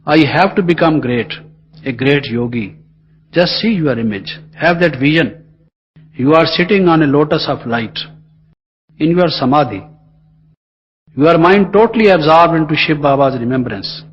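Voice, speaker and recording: A man's voice: on the high side, animated, normal speed, long pauses. A man with an Indian English accent giving an earnest, emphatic spiritual class with repetitive phrasing. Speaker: spiritual teacher. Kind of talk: meditation class talk. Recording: dull lo-fi recording.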